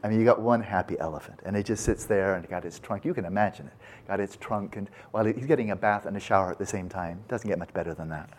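A male meditation teacher giving a dharma talk at a retreat, telling a parable in a folksy, animated way with casual asides. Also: on the low side, fast, hardly any pauses, slight background noise.

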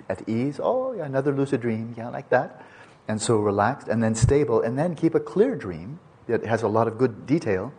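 A man's voice: on the low side, darkish tone, breathy edge. An older man giving an unscripted meditation talk, digressive and playful, often restarting his words. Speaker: meditation teacher. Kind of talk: unscripted dharma teaching.

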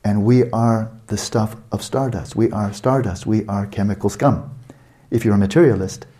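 Low, dark-voiced man lecturing. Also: normal speed. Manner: rhetorical, questioning, emphatic. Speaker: meditation teacher. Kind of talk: spoken dharma lecture.

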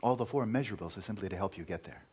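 Low husky male meditation teacher. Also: rapid-fire, a little mellow. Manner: emphatic, repeating key words, dropping to near-whispers. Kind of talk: dharma talk.

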